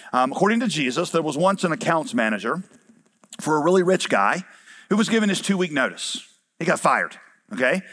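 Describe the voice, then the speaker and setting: A middle-aged man preaching a sermon to his congregation, lively, with acted-out quotes and rhetorical questions. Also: mid-range voice. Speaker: pastor.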